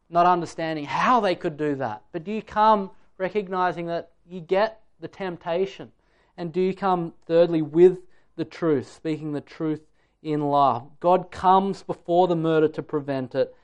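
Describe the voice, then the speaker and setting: A man's voice: a little high, smooth. A man preaching a sermon in an earnest, emphatic way, putting direct questions to his listeners.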